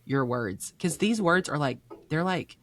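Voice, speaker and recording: A woman author and podcast host in a casual Christian chat, gushing and animated, jumping into high voices when she acts things out. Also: measured pace, dry recording.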